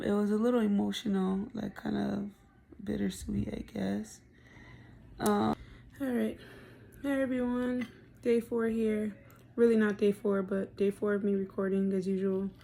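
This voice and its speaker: A woman's voice: medium pitch, gravelly, dark tone, slight background noise. Breathless pregnant woman in her thirties, candid diary. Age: 30s. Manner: candid, rambling, frequent ums. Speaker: vlogger. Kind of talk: video diary chat. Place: parked car, then at home.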